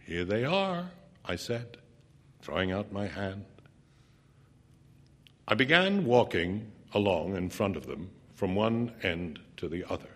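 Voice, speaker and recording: A man narrating a first-person story aloud in an intense, dramatic way, his voice sinking at times to a hushed near-whisper. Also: low-pitched, expressive, a little slow, pauses often.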